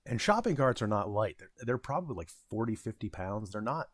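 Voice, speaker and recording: With no echo, a fairly low-pitched male vlogger in his thirties talks a little fast in a sing-song way. He is casually rambling through a self-deprecating story about his retail job, frequently restarting and filling gaps with fillers.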